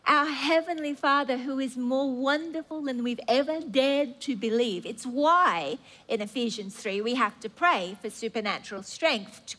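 A woman preaching a sermon in an earnest, emphatic way, with drawn-out phrases and stammering restarts. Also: sits high, fairly bright tone.

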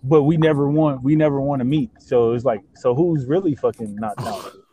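A young man in casual chat, excitable and slangy, swearing and stacking fillers as he talks. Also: mid-range voice, brisk. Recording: dull lo-fi sound.

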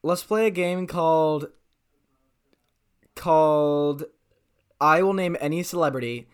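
A man's voice: fairly high pitch, slow, smooth. Easygoing male co-host, loose rambling delivery. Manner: rambling, filler-heavy. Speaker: podcast co-host. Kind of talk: casual comedy chat.

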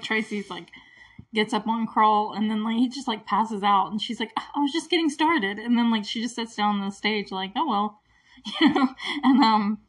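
A woman casually recapping a movie plot, chatty and giggly, with constant "like" fillers. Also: medium pitch. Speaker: movie reviewer. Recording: voice a bit distant from the mic.

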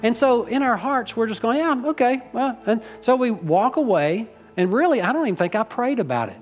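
A man's voice: extremely high pitch, big pitch swings, fairly quick, soft background music. A middle-aged man preaching a sermon to his church, folksy and rambling, teasing the congregation and getting emotional. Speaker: pastor. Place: church sanctuary.

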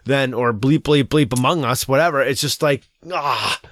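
A man's voice: medium pitch, moderate pace, a bit bright, no room sound. A man chats on a podcast in an exasperated voice, sighing between thoughts and slipping into little quoted voices. His voice sits mid-range and sounds dry and close, with no room around it. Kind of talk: casual chat.

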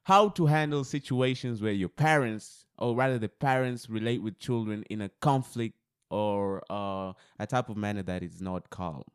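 A man's voice: fairly low pitch, moderate pace, hardly any pauses, smooth. A man hosting a casual podcast, playful and giggly in loose banter. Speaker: podcast host. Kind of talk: casual chat.

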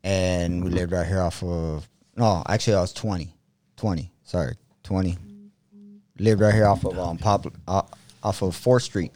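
A man's voice: low voice, steady tone, normal speed, darkish tone. A young man telling a story in a casual chat with friends, slangy and profane, laughing often.

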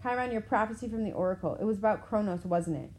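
A woman's voice: mid-range voice, fast, a little mellow, a little hiss or hum, natural voice. A woman voicing a stubborn, impulsive young boy who speaks urgently. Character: impulsive stubborn twelve-year-old boy hero.

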